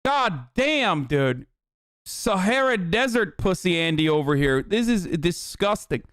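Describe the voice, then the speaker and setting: Male livestream commentator, profane and animated, smooth tone, dead-dry sound. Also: sits high, measured pace, no echo. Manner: profane, animated, rambling riffs. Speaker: streamer, political commentator. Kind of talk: casual livestream reaction commentary.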